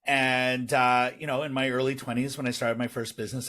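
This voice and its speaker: Relaxed male podcast host. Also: medium pitch, a little fast. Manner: relaxed, uses many fillers like um and you know. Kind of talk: podcast interview.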